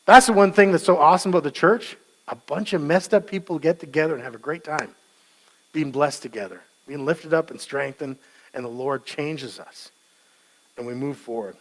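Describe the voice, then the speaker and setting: A man's voice: fairly high pitch, moderate pace. A male pastor giving a conversational sermon, casual and joking and acting out scenes.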